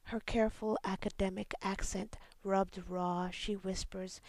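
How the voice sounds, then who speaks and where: A woman reading her own poem aloud in a soft, measured voice that often drops to a half-whisper. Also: medium pitch, level tone, dry recording. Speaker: poet. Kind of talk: poetry reading.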